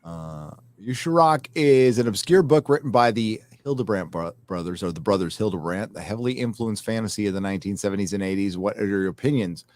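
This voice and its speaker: A man's voice: on the low side, a little fast, few pauses, darkish tone. A man hosting a casual panel chat, reading viewer donations aloud in a rambling way, with fillers and self-corrections.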